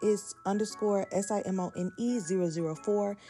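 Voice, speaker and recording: A woman's voice: medium pitch, moderate pace, dark tone, faint music behind. A young woman in her twenties hosting a podcast, venting candidly in casual conversational talk with lots of fillers. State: hiccups. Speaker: podcast host. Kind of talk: casual chat.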